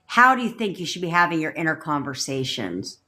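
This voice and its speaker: A woman's voice: deep voice, big pitch swings, a little fast, sharp tone. A woman manifestation coach on a livestream, ranting bluntly with lots of swearing and repeating commanding affirmations.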